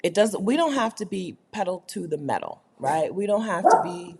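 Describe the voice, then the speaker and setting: A woman hosting a casual livestream, reading viewer comments aloud, emphatic and animated, laughing often and swinging between loud high bursts and low murmurs. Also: normal speed, gravelly, breathy edge. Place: indoors, home setting while living abroad.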